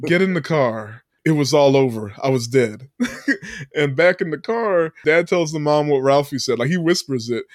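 This clean studio recording, free of room sound, features a man on the high side speaking at normal speed. As a podcast co-host, he animatedly walks through a film scene by scene, laughing often and acting out lines.

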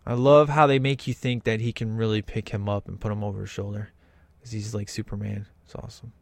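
Excitable man riffing along with a film. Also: fairly low pitch, a little fast, creaky, no room sound. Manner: excited, enthusiastic, imitates characters. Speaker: host reacting to a film. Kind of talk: casual watch-along commentary.

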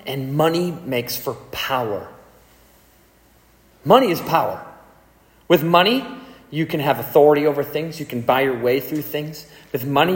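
A man preaching a sermon as pastor, indignant and impassioned, with sudden forceful peaks. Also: mid-range voice. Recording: echoey hall with long reverb.

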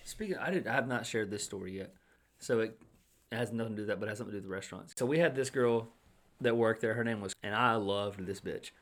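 A young man with a fairly low voice tells stories in a loose, casual chat. He swears freely and acts out other people's lines as he goes. He talks like someone who manages a restaurant. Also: quick pace, fairly bright tone.

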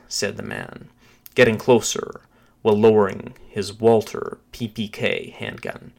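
A man with a low, gravelly voice narrating an audio short story. He keeps a dry, steady storytelling delivery. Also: measured pace.

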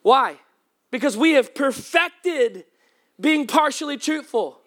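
Speaking slowly in a very high-pitched voice, a man delivers a sermon as pastor. He entertains his congregation with funny, lively stories, and now and then his voice cracks.

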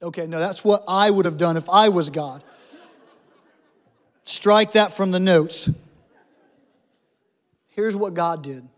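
High-pitched male pastor, chatty sermon style with jokes thrown in. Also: slow, long pauses. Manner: humorous, conversational preaching with asides.

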